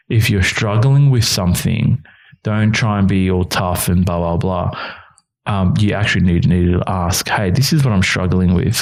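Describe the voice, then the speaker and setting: As a guest, this youth worker in his thirties, whose voice is very deep with vocal fry and a slightly mellow quality, openly recounts his own hard times. Earnest and emotional, he frequently takes on the voices of people in his stories.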